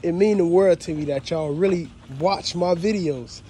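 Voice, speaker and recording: A dog breeder vlogger talks casually and from the heart to his viewers, whom he calls "fam," while walking around his dog kennels with a phone in hand. His voice sits high, with a dark tone and a normal pace. He tends to repeat himself in this thank-you vlog, and there's slight background noise.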